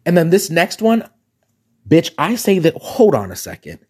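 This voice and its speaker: A man with a raspy voice, hosting a podcast alone as a drag queen, chatting in a sassy, gossipy way and laughing often. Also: fairly high pitch, huge pitch swings, normal speed, darkish tone. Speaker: podcast host. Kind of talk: casual solo podcast chat.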